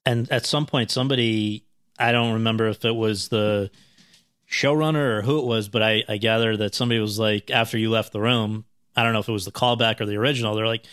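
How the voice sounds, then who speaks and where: A man's voice: on the low side, fairly even intonation, quick pace, fairly bright tone, clear, resonant tone, dry recording. Hesitant male interviewer, dry sound. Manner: hesitant, restarts his questions. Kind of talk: interview questions.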